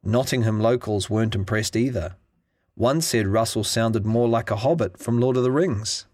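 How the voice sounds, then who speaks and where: A man's voice: lowish voice, moderate pace, a little mellow, no echo, studio quality. Man reading a lesson script. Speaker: narrator of a listening lesson. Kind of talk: scripted narration.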